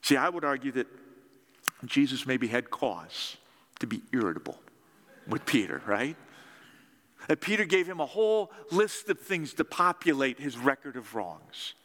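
A man preaching a sermon in a lively, conversational storytelling way. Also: medium pitch, a little slow, long reverb tail. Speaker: pastor.

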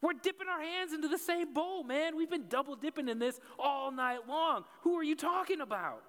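A man doing high whiny exasperated disciples. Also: animated, moderate pace, fairly bright tone. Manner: high, exasperated, casual slang. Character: whiny incredulous male disciples, young men. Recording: long hall reverb.

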